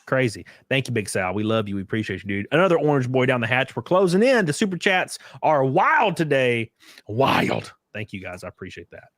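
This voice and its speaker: Profane, animated young man streaming. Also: brisk, no echo. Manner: loose, profane, mocking, acts out quotes with big pitch jumps. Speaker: livestream host. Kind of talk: casual political livestream chat.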